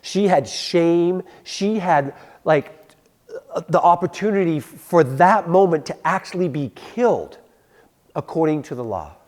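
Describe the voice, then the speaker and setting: There's a slightly high, unhurried quality to this young man's voice as he gives a youth sermon. A youth pastor, he tells animated stories, performs the voices, and laughs along at them.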